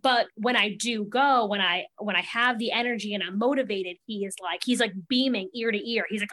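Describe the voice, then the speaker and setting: A young adult woman guest in a casual chat, telling animated stories, laughing often and acting out what others said. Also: medium pitch, fairly quick, hardly any pauses. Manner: animated storytelling, laughs often, acts out quotes. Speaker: podcast guest.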